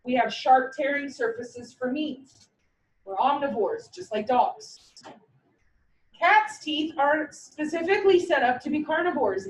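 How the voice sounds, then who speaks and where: High-voiced woman lecturing in a classroom. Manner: blunt, joking, emphatic. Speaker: veterinary technician instructor. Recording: echoey room, mic far away.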